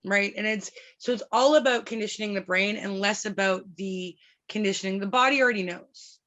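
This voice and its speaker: A woman's voice: medium pitch, a little fast. A woman in her thirties, a podcast guest, telling stories frankly and with lots of animation. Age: 30s. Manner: frank, animated storytelling with swearing and laughs. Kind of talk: candid podcast conversation.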